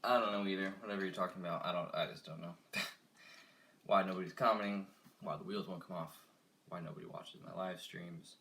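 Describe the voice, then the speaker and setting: A man's voice: deep voice, creaky, a bit bright. A young man chatting casually on a live stream while working with his hands, muttering and sighing in frustration. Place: home, working on a toy car.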